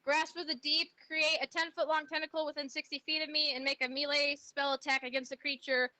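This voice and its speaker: High, bright-voiced woman playing a tabletop game. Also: little pitch movement, brisk, low-quality recording. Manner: flustered, thinks aloud. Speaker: player. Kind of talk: casual tabletop play.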